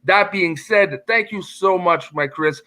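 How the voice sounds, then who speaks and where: A man's voice: high voice, a little slow, pushed and bright. A man from Montreal co-hosting a casual live-stream panel chat over a video call, hesitant and often repeating his words. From Montreal, Canada. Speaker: panel co-host.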